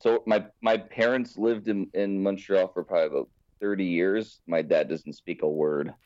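Canadian guy, deep voice, laid back podcast chat, dry room. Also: fairly even intonation, normal speed, a little mellow, dry recording, muffled recording. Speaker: podcast co-host. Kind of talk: casual chat.

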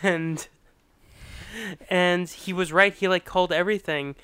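A man's voice: high voice, fairly even intonation, brisk, bright, forceful tone. A man hosting a podcast in casual chat, giggling often and retelling scenes with animation.

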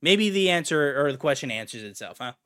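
A man's voice: a little high, animated, fairly quick, a bit bright. A man co-hosting a casual gaming podcast, ranting in an exasperated way and swearing now and then. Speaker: podcast co-host.

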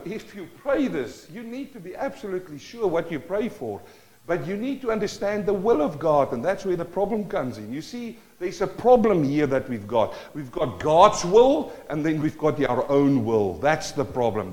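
A man's voice: on the high side, sing-song, normal speed, a little mellow, rough recording. A male pastor preaching a sermon, asking the congregation rhetorical questions and acting out prayers in shifting tones.

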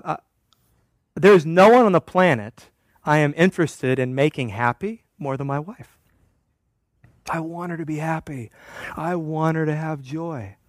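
Pastor guy, kinda high voice, chatty and wry, dry close sound. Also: no room sound. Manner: conversational, wry, teasing the congregation. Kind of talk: sermon.

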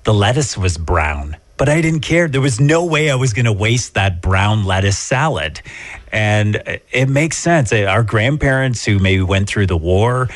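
A middle-aged man from Canada co-hosting a casual radio show, animated and quick to laugh. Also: on the low side, dry recording. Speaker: radio co-host.

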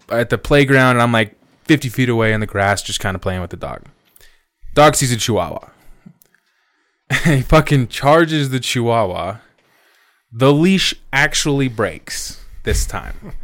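A man's voice: medium pitch, a bit bright. Podcast co-host, thirties man, loose swearing storyteller, laughs through his lines. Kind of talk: casual storytelling chat.

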